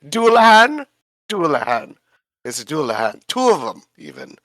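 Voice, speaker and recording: A man's voice: mid-range voice, sing-song, moderate pace, a bit bright, no room sound. A man recapping a tabletop game session in a rambling, profane, casual way, often fumbling names.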